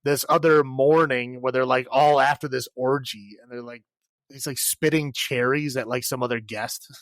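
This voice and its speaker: A man's voice: medium pitch, fairly even intonation, moderate pace, dry recording. A man co-hosting a podcast, casually recapping a film in a rambling way, full of filler words and laughs. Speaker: podcast co-host.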